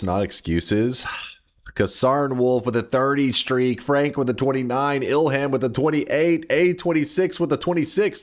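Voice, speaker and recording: A man streaming a game, talking casually in an animated, mock-dramatic way and swearing often. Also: mid-range voice. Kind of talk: casual livestream commentary.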